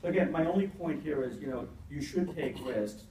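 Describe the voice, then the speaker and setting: A man's voice: fairly high pitch, expressive, fairly quick, dark tone. A middle-aged man giving a keynote, telling a long anecdote with many "you know" fillers. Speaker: keynote speaker. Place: event hall. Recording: echoey hall from far off, faint noise.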